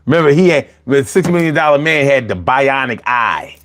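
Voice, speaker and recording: A man hosting a casual live chat, animated and profane, laughing often as he talks. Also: mid-range voice, normal speed. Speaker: livestream host reading chat.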